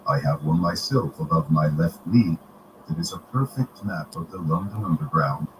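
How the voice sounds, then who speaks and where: A man voicing a wise, gentle old headmaster in a storybook reading, speaking slowly and deliberately. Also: extremely low pitch, lively intonation. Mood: calm. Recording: noisy home recording.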